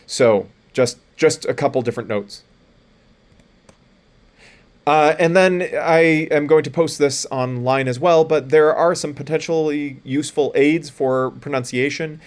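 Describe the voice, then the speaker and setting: A man's voice: on the high side, unhurried. A man, a college lecturer giving a recorded lecture, explaining plainly and spelling out letters, with frequent fillers and restarts.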